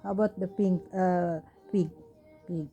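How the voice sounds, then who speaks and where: A woman's voice: lowish voice, fairly even intonation, unhurried, dark tone, lo-fi sound, faint music behind. A woman, a parent talking to her toddler at home in coaxing, sing-song baby talk.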